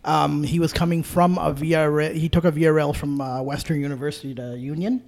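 A man's voice: fairly high pitch, steady tone, brisk, gravelly, a little mellow. A man chatting casually as a podcast co-host, telling loose joking stories and saying bro. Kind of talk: casual chat.

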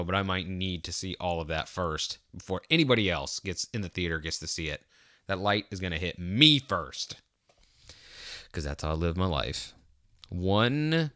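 A man's voice: low-pitched, fairly bright tone, smooth, no room sound. A man hosting a solo podcast, rambling in a jokey, self-mocking way into a close mic. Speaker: podcast host.

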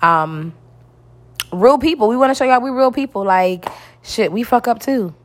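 A woman's voice: on the high side, lively intonation, moderate pace. A young woman co-hosting a casual podcast chat, laid-back and teasing. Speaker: podcast co-host.

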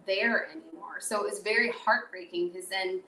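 A woman podcast host from the Chicago suburbs telling a personal story in a casual, animated way, full of fillers and acted-out quotes. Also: mid-range voice, normal speed, distant mic, a little hiss or hum. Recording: roomy echo, voice a bit off-mic.

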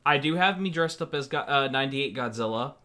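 A man's voice: medium pitch, animated, fairly quick, sharp tone. A man co-hosting a podcast, chatting casually with dry, playful jokes and rambling recollections. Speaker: podcast co-host. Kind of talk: casual chat.

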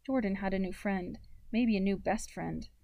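A woman narrating a young-adult story in a calm, measured way. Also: medium pitch, vocal fry, no room sound, clean studio sound. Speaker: audiobook narrator.

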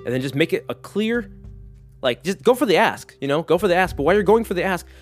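Male solo podcaster: casual, joking, tangent-prone, animated delivery, a bit high. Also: quick pace, soft background music. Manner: jokey, animated, lots of fillers and tangents. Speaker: podcast host.

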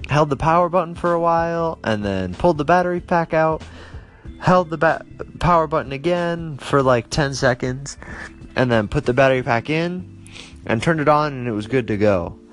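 A man's voice: a little high, normal speed, fairly bright tone, soft background music. A young man casually telling stories to his viewers, rambling with lots of fillers and restarts and livening up when he reacts. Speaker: vlogger. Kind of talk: casual storytelling to camera.

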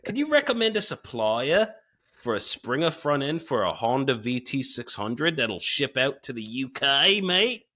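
A man's voice: medium pitch, big pitch swings, measured pace, pushed and bright, voice pushed up, heavily acted. A man reading out a listener's letter in an exaggerated put-on British accent that drifts toward Australian. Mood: mocking. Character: mock British listener reading his letter, male adult.

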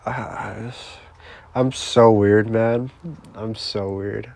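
A man's voice: fairly low pitch, fairly even intonation, takes it slowly, gravelly, a little mellow, dry recording. A man crying as he records a rambling, profane, heartbroken personal voice message.

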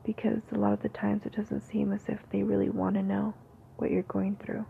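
A woman's voice: mid-range voice, completely flat delivery, fairly quick, vocal fry. A woman giving an unscripted, free-flowing musing in a whispered ASMR talk. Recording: tinny phone-like audio with faint hiss.

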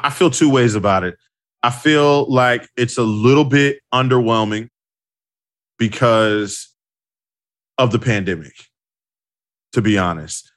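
A man's voice: mid-range voice, fairly bright tone. A man co-hosting a casual podcast, agreeing readily and driving his points home by repeating them. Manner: emphatic, agreeable, repeats for emphasis. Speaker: podcast co-host. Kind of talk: casual wrestling podcast chat.

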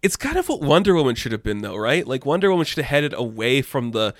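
A man's voice: mid-range voice, sing-song, quick pace, no echo, clean studio sound. A man giving casual, opinionated comic book news commentary, rambling a little and laughing often. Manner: rambling asides. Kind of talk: casual pop-culture commentary.

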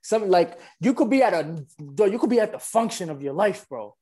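A man tells a casual story at a rapid clip. His voice sits high for a man. He acts out both sides of every exchange in loose street slang. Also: animated, darkish tone. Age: 20s. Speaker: guest telling a dating story.

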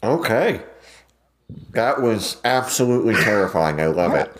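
A man's voice: on the low side, animated, measured pace, a little hiss or hum. A man co-hosting a podcast, reacting to a story with playful enthusiasm in casual chat. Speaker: podcast co-host.

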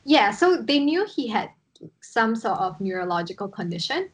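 A woman's voice: fairly high pitch, sing-song, normal speed. A woman chatting casually on a podcast, often mimicking others in a raised voice. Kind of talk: casual chat.

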